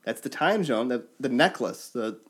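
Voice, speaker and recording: A man's voice: medium pitch, normal speed, husky. Man explaining fan theories casually. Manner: animated, explains theories at length. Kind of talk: casual chat.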